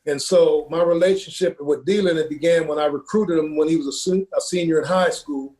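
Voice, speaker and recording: A man, a football coach from Ohio, telling a personal story in an earnest, halting way, with many fillers and repeated words. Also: on the high side, fairly even intonation, darkish tone.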